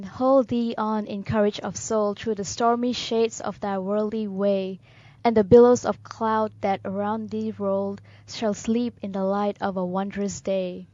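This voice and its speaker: A woman co-hosting a radio talk show, reading poems aloud in a measured, solemn way. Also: medium pitch, darkish tone, dry recording, muffled recording.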